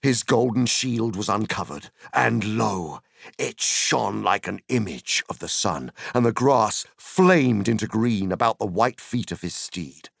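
A man reading an audiobook aloud in a slow, dramatic storytelling manner, with a gravelly voice. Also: lowish voice, animated, no echo, clean studio sound. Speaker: narrator. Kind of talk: audiobook narration.

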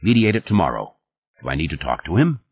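A man reading the part of a gruff, commanding male company boss who talks curtly and coarsely, in an audiobook. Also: deep voice, very animated, fast, no room sound, heavily acted. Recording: dull, dry studio recording.

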